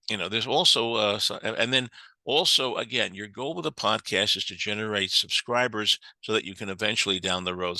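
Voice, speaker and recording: An older American man giving a lively business seminar talk, chatty and joking, with many fillers and restarts. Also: fairly low pitch, vocal fry, no room sound, low-quality recording. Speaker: business speaker.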